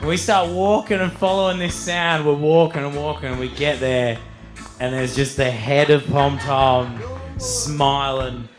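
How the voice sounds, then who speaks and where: A man telling a long story on stage as a stand-up comedian, swearing freely and getting animated. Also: on the high side, unhurried, over music. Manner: animated, swearing, building to shouts.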